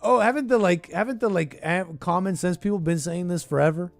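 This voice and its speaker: A man's voice: high voice, brisk, vocal fry, dry recording, soft background music. An American man hosting a political commentary show, ranting in a sarcastic, mocking, scornful way.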